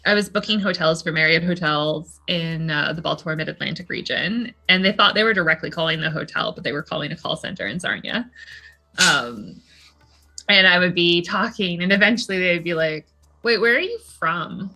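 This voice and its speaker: A Canadian woman with a Canadian accent talks as a guest on a chat show, relaxed and full of stories. Her voice is bright and forward. Faint music plays behind her. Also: lowish voice, a little fast, poor audio. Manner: chatty, storytelling. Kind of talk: casual chat.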